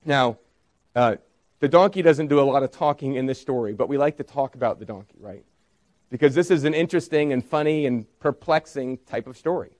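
Preaching a sermon, a pastor narrates a story with frequent rhetorical "right?" questions and briefly voices the characters he quotes. He speaks a little fast at a medium pitch with a darkish tone.

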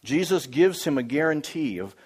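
A man with a fairly high-pitched voice preaching a sermon. He works through a passage verse by verse, delivering it emphatically and repeating his key phrases. At times he grows louder to drive a point home. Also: very animated, moderate pace, husky. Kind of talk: expository sermon.

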